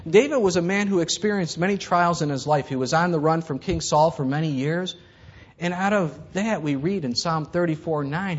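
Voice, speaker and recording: Male pastor preaching in a casual, storytelling way, slightly high and husky, muffled recording. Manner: conversational preaching, acts out voices in stories. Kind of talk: sermon.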